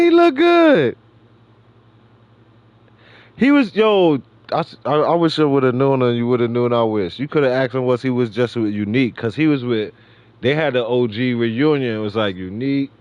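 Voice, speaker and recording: A man's voice: mid-range voice, a little fast, darkish tone, no room sound, muffled recording. A middle-aged man from New York City hosting a gaming livestream, rambling in slangy casual chat and laughing often. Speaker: livestream host.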